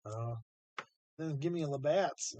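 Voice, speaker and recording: A man's voice: on the high side, unhurried, mellow. A man hosting a live stream, chatting casually and rambling as he thinks aloud while sorting coins.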